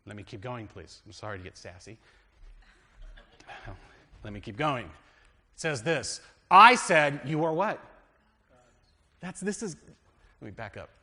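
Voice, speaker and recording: American pastor guy teaching a sermon, lots of pitch swing, quizzing the congregation, echoey church hall. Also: big pitch swings, normal speed, pauses often. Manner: asks the congregation fill-in questions, dramatic swings in loudness. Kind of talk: teaching sermon with scripture reading.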